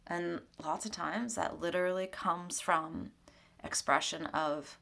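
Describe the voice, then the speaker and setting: A woman with a low voice and a gravelly creak talks through a weekly tarot reading at her home altar. She keeps it gentle and chatty, breaking into easy laughter. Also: steady tone, takes it slowly. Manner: gentle, conversational, laughs often. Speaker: spiritual mentor.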